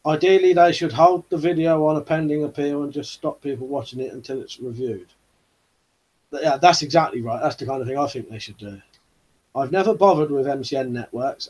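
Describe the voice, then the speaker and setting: A man's voice: medium pitch, darkish tone, slightly rough, poor audio. A man hosting a casual live-stream chat, rambling easygoing with lots of 'you know' fillers. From United Kingdom. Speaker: YouTube channel host.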